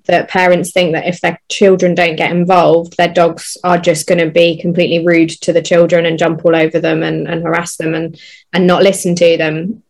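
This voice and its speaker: A woman dog trainer talking casually on a panel, quick and chatty with many fillers. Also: on the low side.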